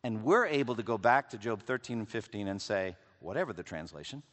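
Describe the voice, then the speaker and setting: A man's voice: lowish voice, expressive, a little fast, a bit bright. A man preaching a sermon as pastor, reading scripture aloud with conversational, wry asides to the congregation. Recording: long reverb of a large hall.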